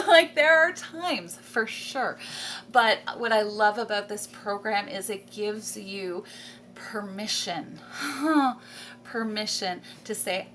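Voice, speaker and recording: Woman, homeschooling mom, casual vlog, unhurried delivery, eager, repeats words for emphasis, laughs often. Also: medium pitch, a bit bright, a little hiss or hum. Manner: laughs often mid-sentence. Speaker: homeschooling mother. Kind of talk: casual vlog talk to camera. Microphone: camera.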